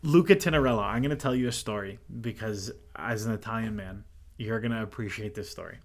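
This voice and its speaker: A man's voice: on the low side, fairly quick. A man who grew up in Canada, hosting a podcast, talking about football in a rambling, chatty way with many fillers. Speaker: podcast host. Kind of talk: casual football chat.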